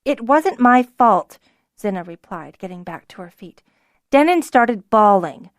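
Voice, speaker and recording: A woman's voice: mid-range voice, sing-song, measured pace, no echo, studio quality. Brief: a woman doing a defensive, sulky young girl in a fantasy audiobook.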